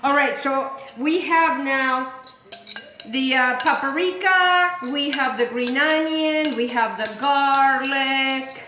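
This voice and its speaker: A woman hosting a home cooking demonstration, chatty and exuberant, breaking into sudden high whoops as she works in her kitchen. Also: slow pace, sharp tone, reverberant, slight background noise, poor audio. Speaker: cooking show host.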